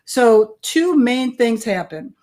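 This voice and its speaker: A woman's voice: a little high, expressive, slow, darkish tone. A middle-aged woman, a guest on an interview show, telling her life story in a candid, plain-spoken way. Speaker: guest, bully prevention expert. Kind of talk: personal storytelling in conversation.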